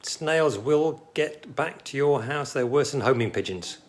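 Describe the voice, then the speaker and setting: A man's voice: medium pitch, lively intonation, measured pace. A man bantering with dry humour beside a cooking host and reading out viewer comments. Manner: dry, joking. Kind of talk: casual banter.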